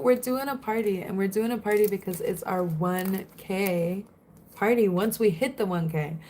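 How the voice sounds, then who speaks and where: A woman's voice: fairly low pitch, a little mellow. Giggly young woman chatting on a livestream. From Florida. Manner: chatty, giggly, reads out viewer comments. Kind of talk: casual livestream chat.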